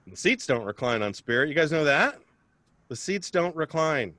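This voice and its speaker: A man's voice: on the high side, sing-song, moderate pace, sharp tone, no echo. A man doing a self-deprecating stand-up comedy set over a video call, chatting with viewers between jokes.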